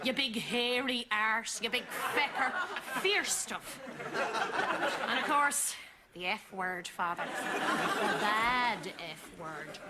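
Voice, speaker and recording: A woman's voice: fairly high pitch, expressive, slow pace, a loud crowd, heavy background noise. An actress playing a fussy, prim older Irish housekeeper with an Irish accent, who is gleefully scandalized as she repeats swear words. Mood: scandalized gossip. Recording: sitcom clip with loud audience laughter. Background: studio audience laughing.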